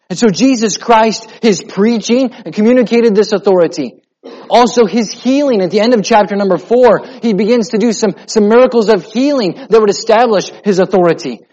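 A man, a pastor, preaching a sermon with emphatic repetition and a steady build toward his point. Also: high-pitched. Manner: emphatic preaching with repetition, drops to a soft voice in prayer. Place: church sanctuary. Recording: muffled sound in a reverberant hall.

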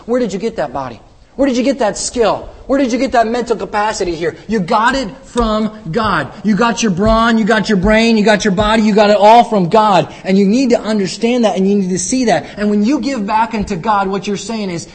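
A man's voice: high voice, brisk, husky. A man preaching a sermon, driving points home with repeated rhetorical questions and reading scripture aloud. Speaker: pastor.

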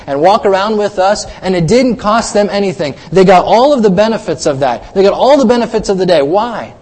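A man's voice: sits high, a little mellow. A middle-aged man preaching a sermon, earnest and repetitive, reading scripture aloud between plain stories. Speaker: pastor. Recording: long reverb in a hall.

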